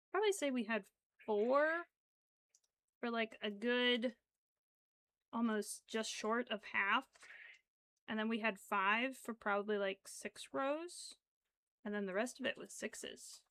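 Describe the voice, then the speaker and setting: A woman's voice: a little high, fairly bright tone. A woman streaming her crochet work, chatting casually in a rambling way full of fillers and counting stitches half to herself. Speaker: craft streamer. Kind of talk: casual livestream chat while crocheting.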